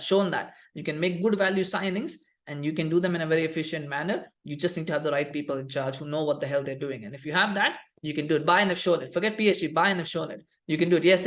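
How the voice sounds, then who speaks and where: Fast-talking man in a heated football rant. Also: a little high, a bit bright. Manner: fast, heated, repetitive restarts. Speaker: football podcast host. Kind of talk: opinionated rant.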